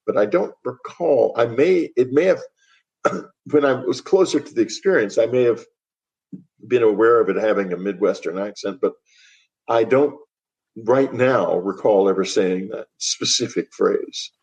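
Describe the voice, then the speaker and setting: A man's voice: medium pitch, moderate pace, darkish tone. An older man, a guest author on a podcast interview, speaking bluntly and dismissively, with a laugh at what he finds absurd.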